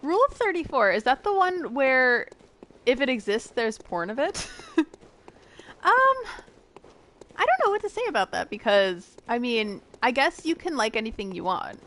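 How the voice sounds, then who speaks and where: A woman's voice: fairly high pitch, sing-song, normal speed, fairly bright tone. A young American woman streaming a game, chatting casually with viewers in a giggly, rambling way. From United States. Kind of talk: casual gameplay chat with viewers.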